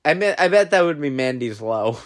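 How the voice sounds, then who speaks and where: A man's voice: on the high side, expressive, moderate pace. A young man co-hosting a podcast, teasing his friend and riffing jokes in casual chat. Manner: wry, teasing, riffs jokes with laughter. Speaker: podcast co-host.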